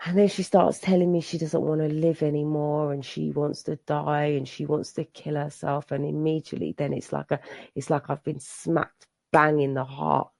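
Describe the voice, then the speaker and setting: A woman's voice: sits low, flat delivery, normal speed, vocal fry, darkish tone, no echo. Emotional woman sharing her recovery story. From England. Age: adult. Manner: emotional, repetitive storytelling with many restarts. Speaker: recovery meeting speaker. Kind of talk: personal recovery share. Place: meeting room.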